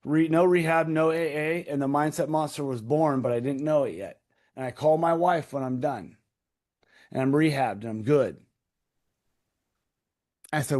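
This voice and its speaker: A man in his thirties, a guest in an interview, tells a raw personal story intensely, repeating key phrases for emphasis and swearing. His mid-range voice is a little mellow, with a measured pace and frequent pauses.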